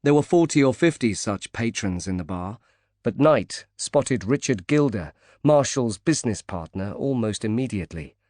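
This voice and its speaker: A man narrating a thriller audiobook in a measured, even reading. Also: on the low side, no room sound, studio quality. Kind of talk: scripted narration.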